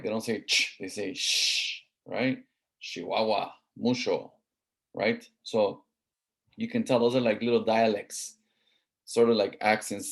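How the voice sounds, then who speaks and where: Low-voiced Southern Californian man lecturing. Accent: Southern Californian English. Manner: conversational, many fillers and "right?" checks. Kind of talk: classroom lecture.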